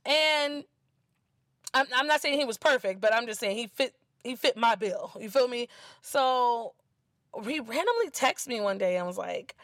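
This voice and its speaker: A woman's voice: fairly high pitch, normal speed, no room sound, clean studio sound. A woman with an African American English accent telling a casual story, blunt and profane, mocking the people she quotes. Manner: blunt, profane, animated, mimics others mockingly.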